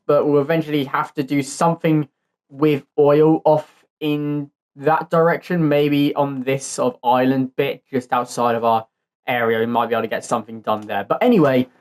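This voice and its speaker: A man's voice: fairly high pitch, darkish tone. A man hosting his own channel, giving casual gameplay commentary and thinking aloud in an easygoing way as he builds. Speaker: channel host.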